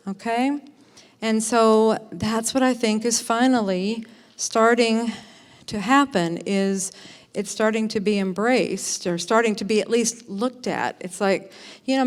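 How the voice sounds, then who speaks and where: Excited, rambling woman introducing a speaker. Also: on the high side. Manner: rambling, excited, many fillers and restarts. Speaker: conference organizer introducing a speaker. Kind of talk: live introduction at a conference. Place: conference hall, in front of an audience.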